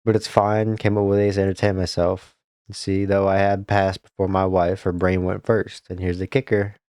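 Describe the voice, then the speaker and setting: A man voicing a spiteful old male ghost who built a maze, talking in a gruff, mocking way. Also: deep voice, level tone, normal speed, darkish tone, no room sound, lightly acted. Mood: gloating. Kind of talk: game character voice.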